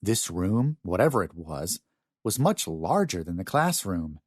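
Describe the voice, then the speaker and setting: A male audiobook narrator with a lowish voice that rises and falls with lively storytelling. The recording is dry and close, with no room sound behind him. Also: unhurried, breathy edge, no echo. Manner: expressive storytelling. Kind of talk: scripted narration.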